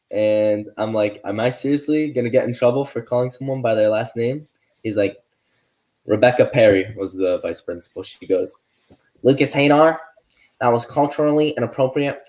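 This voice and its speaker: Young male co-host, teens, mid-pitched, animated storyteller. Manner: animated, acts out quoted adults in his story. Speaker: podcast co-host. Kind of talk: casual storytelling.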